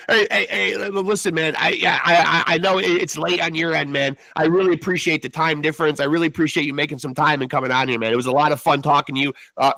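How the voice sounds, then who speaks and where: Podcast host, man in his 50s from the US, bright and slightly high, rambling and repetitive, dry sound. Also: gravelly, no room sound. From United States. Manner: chatty, stammering, says "man" constantly. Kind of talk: casual interview podcast.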